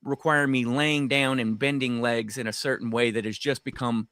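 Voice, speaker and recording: Man, middle-aged, podcast co-host, casual storytelling, swears, crisp dry studio sound. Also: mid-range voice, moderate pace, no echo. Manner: animated storytelling, swears freely. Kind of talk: casual chat.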